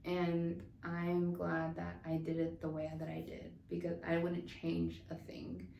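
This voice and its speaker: A woman's voice: fairly low pitch, little pitch movement, unhurried, gravelly, warm tone. A young woman from the southwestern United States telling a story in casual chat, with many fillers. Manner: chatty, filler-heavy storytelling. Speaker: vlogger. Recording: echoey room, faint noise.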